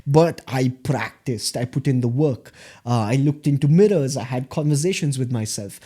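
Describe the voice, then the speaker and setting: A man, a guest in a casual interview, telling animated stories about his start. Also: medium pitch, moderate pace. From India. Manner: animated storytelling, acts out quoted voices. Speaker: guest, beatboxer and MC.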